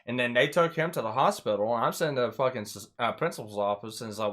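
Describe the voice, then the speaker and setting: A man's voice: mid-range voice, quick pace, few pauses. A young man telling a school story in a casual chat, swearing freely and acting out the moments in a raised voice. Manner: animated, swearing, retells scenes in raised quoted voices. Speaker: podcast host.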